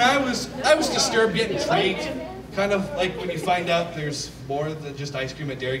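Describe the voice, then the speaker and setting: A man's voice: a little high, normal speed, few pauses, over a noisy crowd. A young man from Michigan's Upper Peninsula doing a self-deprecating stand-up set, acting out quoted voices and yelping at his own punchlines. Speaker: stand-up comedian. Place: comedy club stage. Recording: echoey club from a distant mic with loud audience noise.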